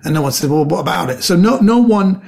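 A man's voice: high-pitched, animated, fast talker, creaky, darkish tone, a little hiss or hum. A middle-aged man, a comedian guest on a podcast, chatting casually and telling rambling stories, acting out the quotes.

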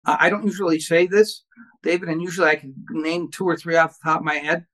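Slightly high-voiced guy answering interview questions, wry and confident. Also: fairly even intonation, fast talker, a bit bright. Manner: wry, confident, with repeated restarts. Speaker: political journalist guest.

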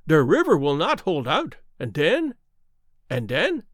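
A man's voice: a little high, huge pitch swings, measured pace, dry recording, clean studio sound, full character voice. A man voicing a big, cheerful Swedish sailor with a thick Swedish accent in a storybook reading. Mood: worried. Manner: thick dialect, fretful.

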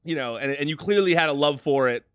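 A man hosting a podcast interview, telling quick stories and asking questions in a casual, chatty way. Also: on the high side, a bit bright, smooth. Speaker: podcast host.

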